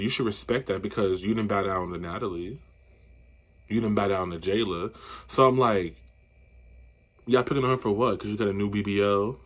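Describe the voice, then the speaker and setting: Chatty opinionated man, lowish voice. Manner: chatty and opinionated, swearing, bursts of exclamation. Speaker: YouTube reaction host. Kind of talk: casual reaction commentary.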